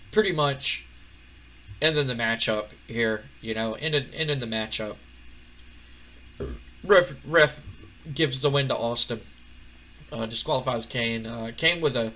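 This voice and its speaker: A man's voice: mid-range voice, a little hiss or hum. Rambling man narrating a wrestling sim. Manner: relaxed, rambling, many fillers. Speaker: gaming channel host. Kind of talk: casual let's-play commentary.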